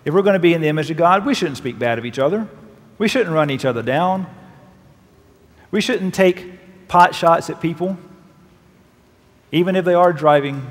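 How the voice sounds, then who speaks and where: A man's voice: high-pitched, moderate pace, pauses often. Man preaching in a reverberant hall. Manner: reads scripture aloud with emphatic, lively preaching delivery. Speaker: pastor. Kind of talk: sermon. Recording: long reverb of a large hall.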